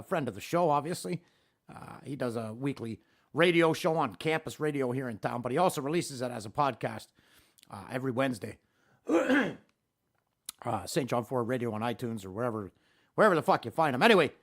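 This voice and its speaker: A man's voice: a little high, fairly bright tone. A man hosting a podcast, ranting in a worked-up monologue with heavy swearing. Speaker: podcast host.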